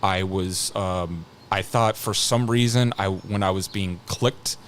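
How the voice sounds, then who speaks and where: A man in his thirties, a podcast guest, telling a long story in a rambling, halting way, restarting often and swearing casually. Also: sits low, fairly even intonation, a bit bright, a little hiss or hum. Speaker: podcast guest, scare actor.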